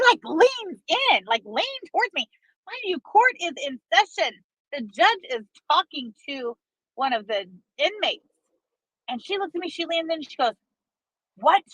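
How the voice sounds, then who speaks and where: Woman gossiping, dramatic and cussing, bright sharp voice, kinda dull lo-fi sound. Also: on the high side, dry recording. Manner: gossipy, dramatic, profane, drawn-out fillers. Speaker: online commentator. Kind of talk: casual storytelling monologue.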